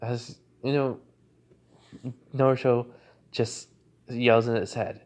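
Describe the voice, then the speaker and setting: Casual male storyteller, middle pitch, rambling with lots of fillers. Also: level tone, slow pace, darkish tone. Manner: rambling, heavy use of "you know" fillers. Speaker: fan storyteller. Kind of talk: casual retelling of a fan-made crossover story.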